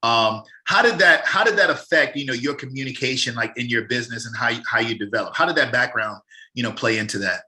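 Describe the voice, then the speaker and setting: A man's voice: mid-range voice, fast, bright, forceful tone. A man hosting a podcast, asking questions in an encouraging way and repeating words as he builds them. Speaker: podcast host. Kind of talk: casual interview talk.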